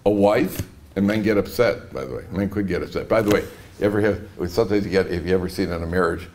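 A middle-aged man giving a humorous Torah lecture on marriage, telling stories and swinging between soft asides and emphatic peaks. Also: low-pitched, fast talker. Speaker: rabbi lecturer.

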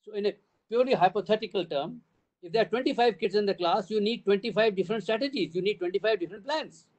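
Older Indian English man, high voice, speaking emphatically to parents at a town hall, stacking points in repeated phrases. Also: quick pace, darkish tone. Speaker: school trust CEO addressing parents.

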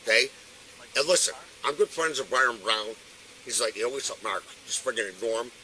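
An older man talks outdoors, agitated and swearing as he explains himself to police. His voice is sharp and very bright. It is captured by a body camera on the street. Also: mid-range voice, lively intonation, a little fast, a little hiss or hum. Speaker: bystander in police dispute. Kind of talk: heated street argument.

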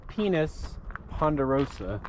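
A man's voice: fairly high pitch, sing-song, takes it slowly, noisy background. A man joking and teasing along with his companion on an outdoor hike. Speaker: vlogger's companion. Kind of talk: casual banter. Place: outdoors on a mountain trail.

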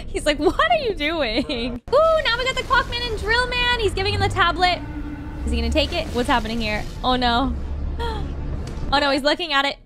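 An excitable woman hosts a cartoon reaction video, talking straight to her viewers. Her voice is very high and bounces all over. She gasps and giggles often. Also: heavy background noise. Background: loud background music.

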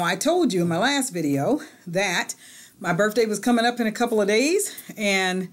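A middle-aged woman talks straight to her camera in a casual home vlog. She is chatty and animated, and her voice moves between bright excitement and soft, hushed moments. Her pitch sits in a middle range. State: out of breath. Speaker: vlogger.

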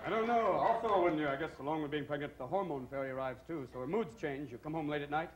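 A man's voice: on the high side, quick pace. A man doing a manic stand-up routine on a comedy club stage, jumping between voices.

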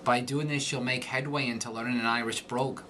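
A man teaching an accent lesson, explaining clearly and methodically. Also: medium pitch, fairly even intonation, fairly quick, noisy background. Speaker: accent coach. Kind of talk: instructional lesson.

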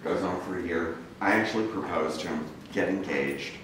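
A man with a fairly low voice speaks to a live audience in a casual storytelling style, slipping into quoted voices as he recounts events. He sounds distant from the microphone in a very echoey lecture room with faint background noise. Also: moderate pace, fairly bright tone. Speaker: guest speaker. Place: large campus lecture room.

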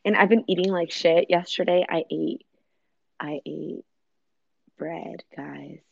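A woman's voice: lowish voice, steady tone, slow pace, vocal fry, breathy edge, no room sound, dull audio. A woman casually chatting with viewers on a livestream from her kitchen, giggly and answering their comments. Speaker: livestream host. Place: home kitchen.

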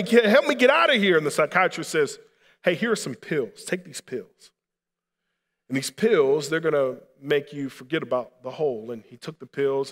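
A man's voice: medium pitch, in a large hall. A man preaching a sermon as pastor, earnestly, building to impassioned appeals. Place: church sanctuary.

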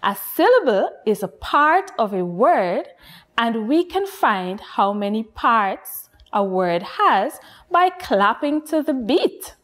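A woman from Guyana teaching a nursery phonics lesson, speaking slowly and encouragingly to young children. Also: a little high, big pitch swings, fairly bright tone. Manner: slow, lilting, encouraging teacher voice addressing children.

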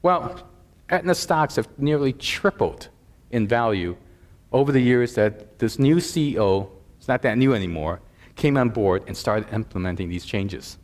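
A middle-aged male pastor delivering a sermon at an ordinary, mid-range pitch. He talks to his congregation conversationally, with frequent asides. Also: lively intonation, normal speed.

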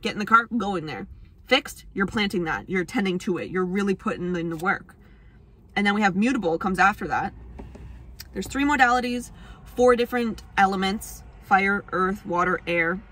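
A woman's voice: medium pitch, expressive, normal speed, a bit bright. Rambling, self-mocking woman astrology vlogger. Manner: rambling, self-mocking, laughs often, swears casually. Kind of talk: casual astrology talk to camera.

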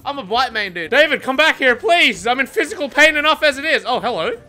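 A woman giving excitable gameplay commentary, swearing, laughing often and mocking herself. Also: sits high, fairly quick, soft background music. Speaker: gaming content creator.

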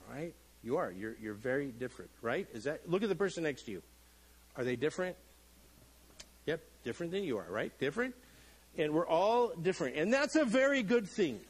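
A middle-aged man preaching in a church sanctuary, his fairly high voice swinging up and down as he jokes. He acts out the people in the story with playful, animated delivery. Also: a little fast, husky, poor audio. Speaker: pastor. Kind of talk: sermon.

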